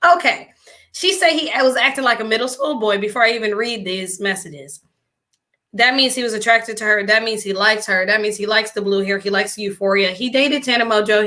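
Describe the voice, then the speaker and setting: A woman hosting a reaction commentary, chatty and slangy, talking straight to her viewers. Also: mid-range voice. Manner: chatty, animated, addresses viewers directly; slangy casual speech. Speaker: commentary host.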